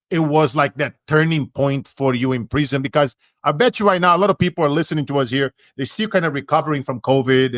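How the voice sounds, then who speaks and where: A man's voice: a little high, fairly bright tone, no echo, studio quality. A man from Brazil, hosting a podcast interview in an affirming, reflective way. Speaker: podcast host. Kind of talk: conversational interview.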